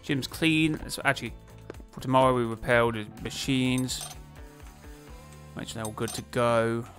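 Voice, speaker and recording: A man giving casual, excitable commentary while he plays a management game, talking to himself and laughing often. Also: mid-range voice, normal speed, soft background music. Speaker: gaming YouTuber.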